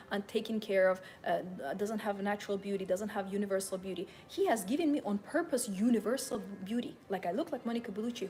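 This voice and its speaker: A young adult woman hosts a live motivational talk as a femininity coach. Her mellow, medium-pitched voice comes across as passionate, emphatic, and self-assured.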